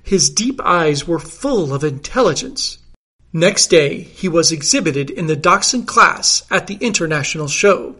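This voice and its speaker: A man reading a comic story aloud in a measured, theatrical way. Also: fairly high pitch, animated, sharp tone. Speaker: narrator.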